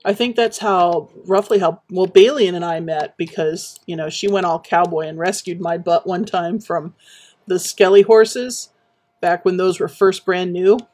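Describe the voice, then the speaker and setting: A woman chatting casually while building in a game, rambling and reminiscing with many pauses and fillers. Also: on the low side, fairly even intonation, darkish tone. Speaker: Minecraft streamer.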